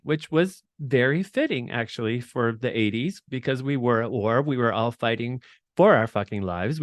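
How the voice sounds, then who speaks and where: A middle-aged man recounts his past as an interview guest, candid and animated, with frequent laughter and loose swearing. His voice sits at an ordinary middle pitch. The recording is dry and close, with no room sound. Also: no echo. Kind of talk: candid storytelling.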